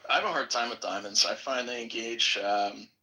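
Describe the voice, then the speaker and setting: An American man hosts a casual group podcast chat, rambling with many fillers and poking fun at himself. His medium-pitched voice moves at normal speed and sounds pushed and bright, though the audio quality is poor.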